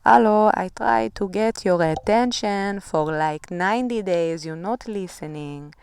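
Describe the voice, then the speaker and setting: A woman's voice: medium pitch, measured pace, darkish tone, smooth, no echo, natural voice. A woman voicing the panicked shadow side of the self, knocking for attention in a childish, frantic way.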